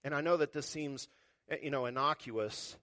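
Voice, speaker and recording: A man's voice: mid-range voice, normal speed, fairly bright tone, no room sound, studio quality. A man preaching a sermon in a conversational way, with wry humor and quotes he acts out.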